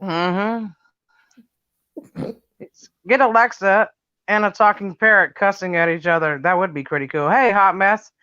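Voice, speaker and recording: A middle-aged woman with a loud, brash voice, chatting casually on a livestream, laughing and cussing freely. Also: mid-range voice, a little slow, pauses often, clear, resonant tone, dry recording, muffled recording. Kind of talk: casual chat.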